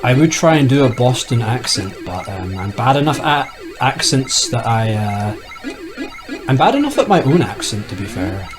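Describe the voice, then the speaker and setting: Animated young man rambling over gameplay. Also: medium pitch, moderate pace, music in the background, low-quality recording. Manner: rambling, jokey, talks to himself while playing. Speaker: retro gaming youtuber. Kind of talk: casual gameplay commentary.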